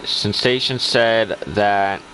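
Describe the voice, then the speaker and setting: Chatty low-voiced man calling a sim race. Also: fairly even intonation, slow pace, sharp tone, rough recording. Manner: chatty, laughing often, teasing. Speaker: lead race commentator. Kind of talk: casual live sim racing commentary.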